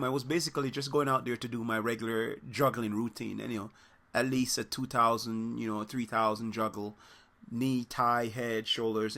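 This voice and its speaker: Bright-voiced man telling a story. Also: medium pitch. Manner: animated, rambling, with many fillers and quoted voices. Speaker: soccer coach and channel host. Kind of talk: casual storytelling to camera.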